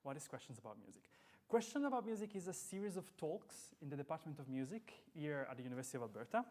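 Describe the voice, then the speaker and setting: A man's voice: fairly high pitch, big pitch swings, fast, a little mellow. A man, a musicologist, hosting a live talk series and introducing his guest with many fillers and restarts. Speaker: host and musicologist.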